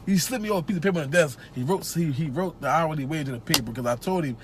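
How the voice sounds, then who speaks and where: A man with a Philadelphia accent who tells a comic story on a live stream, profane and animated, on a phone held at arm's length. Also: a little high, rapid-fire, few pauses, slight background noise. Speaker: social media personality.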